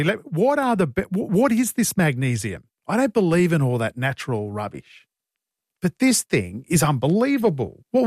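A man's voice: high-pitched, dry recording. An Australian man hosting a talkback radio show in a studio, chatty, joking and blunt. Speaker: radio host. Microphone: studio mic.

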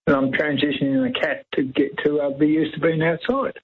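Raspy Australian man calling in over a tinny phone line, rambles on. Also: a little high, fairly even intonation, brisk. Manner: rambling, talks over the host. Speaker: caller. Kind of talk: phone-in radio chat. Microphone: telephone.

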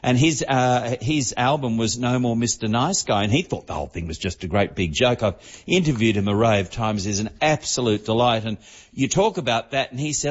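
A man's voice: medium pitch, fairly quick. A man, telling celebrity gossip as an entertainment reporter on a radio show in a chatty, storytelling manner. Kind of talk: casual radio chat. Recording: dull lo-fi broadcast audio.

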